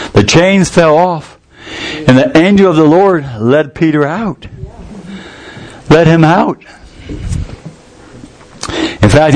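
A man's voice: on the high side, a little mellow. An older man preaching a sermon, retelling scripture in a folksy, colloquial way with rising fervor.

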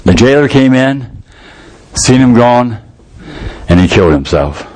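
A man's voice: medium pitch, sing-song, measured pace, a little mellow, slight background noise. An older man preaching a sermon, retelling scripture in a folksy, colloquial way with rising fervor.

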